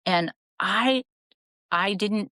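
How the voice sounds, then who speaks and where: A woman's voice: medium pitch, extremely slow, bright, forceful tone, dry recording. A middle-aged woman as a podcast guest, candidly telling her story in an earnest, reflective way and acting out the voices she quotes.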